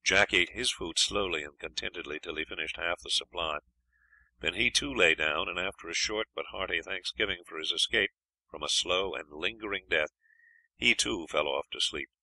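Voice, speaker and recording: A man narrating an adventure audiobook in a steady, even storytelling manner. His voice sits low and gravelly with a bright, forceful edge, and the recording is dry and close. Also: no room sound, poor audio. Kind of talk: scripted narration.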